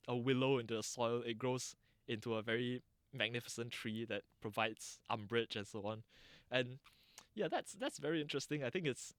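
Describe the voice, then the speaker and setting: A man's voice: medium pitch, fairly bright tone, no echo, clean studio sound. A man with a Singaporean English accent, answering interview questions in a thoughtful, lecturing way with frequent restarts and fillers. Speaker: interviewee, dialect channel founder.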